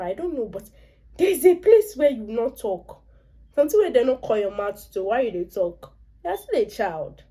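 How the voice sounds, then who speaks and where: A woman's voice: a little high, warm tone. A young Nigerian woman recapping a series episode in a chatty, opinionated way, with asides in Pidgin and Yoruba. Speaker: vlogger. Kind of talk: casual reaction recap.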